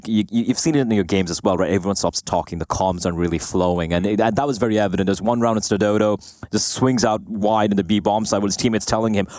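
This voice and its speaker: A man analysing a competitive video game match as co-caster, talking in a loose, chatty way with fillers and quick interjections. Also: lowish voice, a little mellow, dry recording. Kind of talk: casual analysis commentary.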